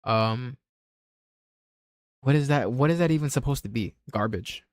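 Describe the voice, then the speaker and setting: A man's voice: medium pitch, a little slow, no room sound. Blunt, offhand male streamer. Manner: blunt, offhand, swears freely. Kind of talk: casual livestream commentary.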